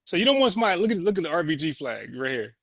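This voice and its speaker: A man's voice: on the high side, big pitch swings, racing, creaky, a bit bright, no echo. A man, giving blunt, scornful commentary on a video and laughing often. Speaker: commentator reacting to a protest video. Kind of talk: casual mocking commentary.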